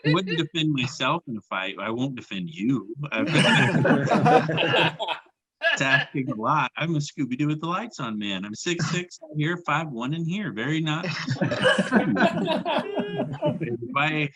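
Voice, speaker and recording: A young man who teaches, doing a stand-up comedy set, halting and self-deprecating, stumbling over restarts and laughing at his own lines. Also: medium pitch, animated, very noisy. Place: comedy club stage with audience laughter.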